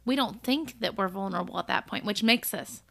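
Brisk and creaky, at a medium pitch, a female co-host reads scripture aloud on an informal Bible study podcast and discusses it, livening up whenever she quotes.

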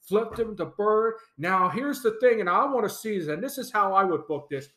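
A man's voice: high-pitched, animated, moderate pace, pushed and bright. A man hosting a solo fan podcast. He talks with enthusiasm, gives strong opinions and laughs often. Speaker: podcast host. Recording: echoey room.

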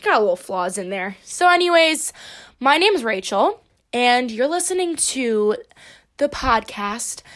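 A woman's voice: a little high, very animated, measured pace. Tipsy young woman hosting a podcast. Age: young adult. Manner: playful, self-mocking, swearing, shifting between loud bits and mumbles. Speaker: podcast host. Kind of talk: casual solo podcast monologue.

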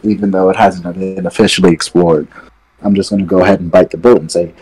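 A man's voice: deep voice, steady tone, quick pace, darkish tone, husky. A man co-hosting a casual wrestling chat podcast, rambling and opinionated, speaking from a distance away from his microphone. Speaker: podcast co-host. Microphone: far from his mic.

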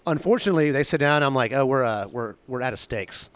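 A man's voice: mid-range voice, animated, quick pace, a bit bright. A chatty man trades restaurant war stories with a friend in a wry, teasing tone. His voice sounds dry and close, with no room echo. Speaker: server. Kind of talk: casual storytelling chat.

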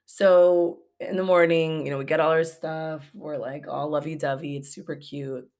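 Brief: young woman podcast host, deep fry-heavy voice, blunt and profane story-time delivery. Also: fairly even intonation, normal speed, a little mellow. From Los Angeles, USA. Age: young adult. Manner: profane, candid, laughing storyteller. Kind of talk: casual story-time monologue.

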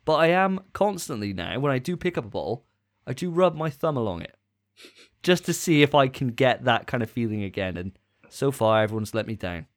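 A young man chats on a podcast in a relaxed, joking way. His pitch rises and falls freely. He pokes fun at himself as he tells his stories. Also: brisk. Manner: self-mocking, jokey storytelling. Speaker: podcast co-host. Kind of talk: casual chat.

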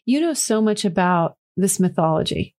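A woman's voice: medium pitch, lively intonation, moderate pace. A woman hosting a podcast interview, mostly giving short affirmations. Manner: warm short affirmations and backchannels. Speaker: podcast host. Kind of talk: casual interview.

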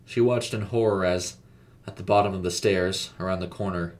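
A man narrating a scripted horror story in a measured, suspenseful way. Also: low-pitched, fairly even intonation.

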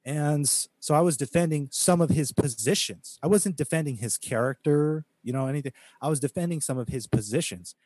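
A man from the United States co-hosting a podcast, talking emphatically in a preachy way. His voice is dark and mellow, and the recording is dry and close. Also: fairly high pitch, brisk, few pauses, no echo. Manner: emphatic, preachy, quotes scripture, mocks critics in quoted voices. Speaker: podcast co-host. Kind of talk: casual podcast talk, preaching tone.

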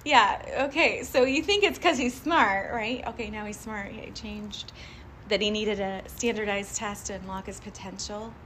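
A woman giving a live motivational talk to a group, animated and chatty, often laughing and asking the audience questions. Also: mid-range voice, normal speed, a little hiss or hum. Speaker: motivational speaker addressing a group.

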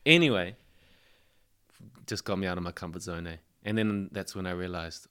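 A man's voice: deep voice, normal speed, pauses often, sharp tone, smooth. A young man with a New Zealand accent, a guest on a casual podcast, telling stories in a laid-back way and calling his host bro again and again. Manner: laid-back storyteller, says bro constantly. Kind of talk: casual chat.

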